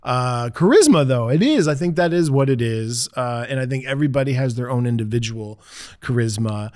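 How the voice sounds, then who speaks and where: A man's voice: medium pitch, lively intonation, brisk, a little mellow. A man chatting as a podcast guest, joking around and playfully acting out little scenes as he tells them. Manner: jokey, laughs often, acts out scenes. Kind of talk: casual conversation.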